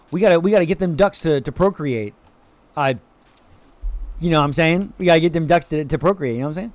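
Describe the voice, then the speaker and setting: Male game streamer from the US, animated and chatty, swinging pitch, close and dry. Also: dry recording. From United States. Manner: animated, chatty, greets viewers, playful quacking bits. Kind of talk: casual live-stream chat over gameplay.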